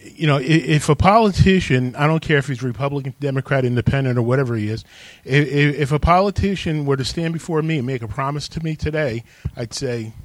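A man's voice: medium pitch, fairly quick, few pauses, no echo. A man preaching a sermon as pastor, emphatic and calling on the congregation to respond.

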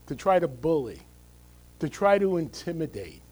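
A man's voice: a little high, big pitch swings, normal speed, darkish tone, rough recording. A male pastor giving a conversational, emphatic sermon, often checking in with the congregation through tag questions.

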